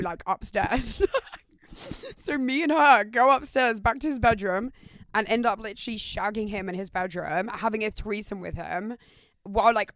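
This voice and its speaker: A young British woman hosts a podcast, speaking in a medium-pitched, slightly bright voice with no room sound. She tells candid stories in a casual, sweary style, using "like" constantly.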